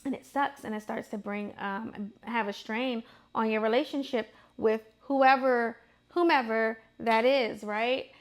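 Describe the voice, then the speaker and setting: A woman's voice: a little high, fairly even intonation, a little slow. A woman in her thirties hosting her own vlog, talking through her opinions in a chatty, emphatic way and repeating phrases for effect. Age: 30s. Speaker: vlog host. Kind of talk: casual opinionated monologue.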